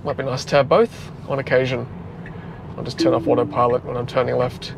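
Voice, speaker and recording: Road noise surrounds an Australian man as he drives and vlogs about cars, talking briskly in a mid-range, gravelly voice. His casual chat is loose and relaxed, sprinkled with plenty of fillers.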